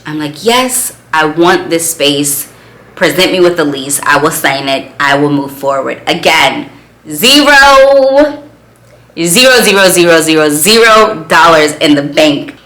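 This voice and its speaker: A woman's voice: low-pitched, bright, forceful tone, roomy sound, poor audio. A woman and small business owner telling a personal story in a vlog, earnest and reflective as she talks about her faith.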